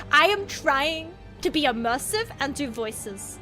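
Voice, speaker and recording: A woman's voice: sits high, expressive, measured pace, bright, forceful tone, soft background music. An Australian woman streamer reading horror stories aloud, chatting casually and rambling with giggles and swearing. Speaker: VTuber streamer.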